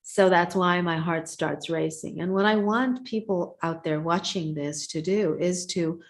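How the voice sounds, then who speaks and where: A woman's voice: fairly low pitch, measured pace. A woman speaking earnestly and reflectively in a conversation, often repeating phrases as she searches for words. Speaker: guest speaker.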